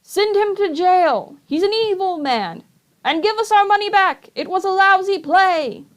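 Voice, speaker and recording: A woman voicing an angry audience member in a storybook reading, shouting high and loud. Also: animated, measured pace.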